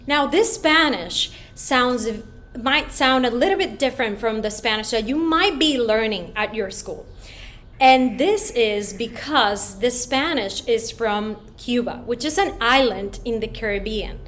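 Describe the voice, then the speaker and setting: A woman's voice: fairly high pitch, animated, measured pace, a bit bright. A woman from the Dominican Republic teaching children a song online, upbeat and leading call-and-response. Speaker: choir teacher.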